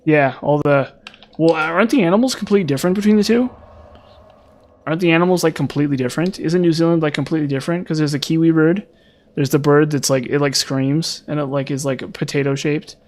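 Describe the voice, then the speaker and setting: A man's voice: a little high, fast talker, a little mellow. A man chatting casually while playing a video game, rambling with lots of fillers and restarts. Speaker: gaming streamer.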